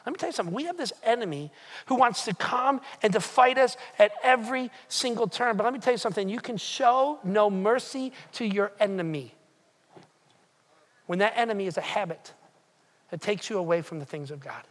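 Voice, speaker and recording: A man's voice: high voice, expressive, brisk, fairly bright tone. A man preaching a sermon as pastor, emphatic and repetitive, pushing his points again and again with rising and falling force. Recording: long hall reverb.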